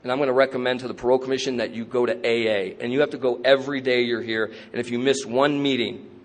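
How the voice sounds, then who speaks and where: A man retelling the firm, measured words of a stern but kindly male parole officer. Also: mid-range voice, fairly even intonation, voice pushed down, natural voice.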